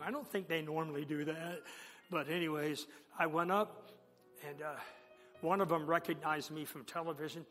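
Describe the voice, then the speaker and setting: A pastor delivers an animated sermon story, acting out both sides of the conversations. His voice sits a little high for a man. It rings through a large hall with a long tail of reverb, over faint background music.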